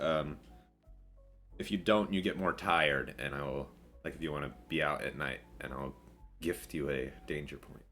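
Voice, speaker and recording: A man narrating as game master in a loose, rambling way with many fillers. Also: deep voice. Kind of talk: running a tabletop game.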